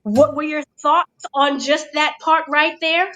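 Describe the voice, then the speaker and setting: A woman hosting a casual review chat, giving an excited blow-by-blow recap and checking in with her listeners. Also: high-pitched, slow pace, low-quality recording. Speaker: podcast host.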